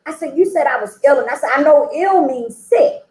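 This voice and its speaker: Lively woman telling her recovery story. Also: high voice, a little fast, echoey room, rough recording. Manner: chatty storytelling, acting out quoted dialogue, frequent "okay?" and "you know?". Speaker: recovery meeting speaker. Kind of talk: personal recovery testimony.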